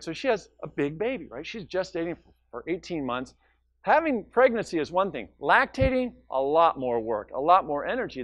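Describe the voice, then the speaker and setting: A man's voice: on the high side, dry recording. Upbeat man giving a science talk. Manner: enthusiastic and conversational, often tags lines with "right?"; jokey, narrates slides and videos. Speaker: guest lecturer, marine scientist.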